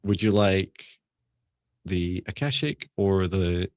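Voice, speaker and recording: A man's voice: low voice, slow pace, no room sound, studio quality. A man co-hosting a live spiritual reading stream, chatting casually in a rambling, musing way and laughing often. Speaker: psychic mentor and live show co-host.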